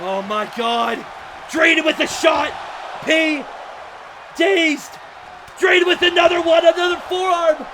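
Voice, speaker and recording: Young male wrestling commentator, frantic shouty play-by-play, noisy venue. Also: very high-pitched, unhurried, pauses often. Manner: frantic, shouting, disbelieving outbursts. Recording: loud crowd and noisy venue. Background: cheering crowd.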